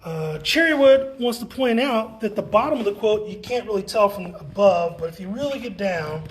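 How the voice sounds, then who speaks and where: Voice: medium pitch, animated, moderate pace, slight background noise. Enthusiastic gallery guide, casual walking-tour chatter, indoor exhibit. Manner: enthusiastic, chatty, playful exclamations.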